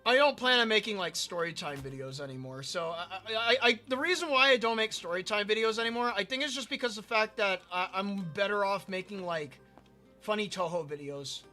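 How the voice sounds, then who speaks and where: A man's voice: high-pitched, animated, a little fast, pushed and bright, soft background music. A man streaming a building game and telling a rambling story, often repeating himself and tripping over his words. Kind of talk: casual storytelling while gaming.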